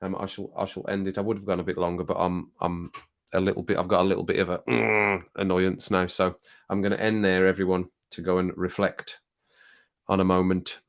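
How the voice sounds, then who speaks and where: A man's voice: low-pitched, little pitch movement, fairly quick. A man hosting a casual livestream, reading out viewer comments in a rambling, jokey way and getting worked up now and then. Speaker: livestream host.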